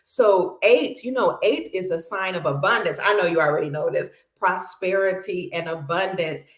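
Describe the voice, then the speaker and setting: A woman's voice: on the low side, normal speed. Effusive woman host in an echoey room. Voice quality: long-winded and bubbly. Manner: effusive and affectionate, calls viewers honey, sister, brother and family. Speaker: livestream host. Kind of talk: casual livestream chat reading viewer comments.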